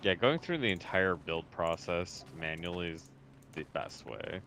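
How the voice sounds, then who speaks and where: A man's voice: low voice, animated, measured pace, a bit bright, a little hiss or hum, poor audio. A man chatting casually while playing a video game, explaining things patiently and matter-of-factly. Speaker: co-player.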